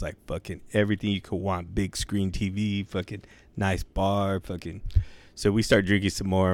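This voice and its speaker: A man's voice: low voice, darkish tone, no room sound. A young man telling a long crude joke in casual, profane slang, drawing out his words. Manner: profane, drawn-out slangy delivery. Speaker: joke teller.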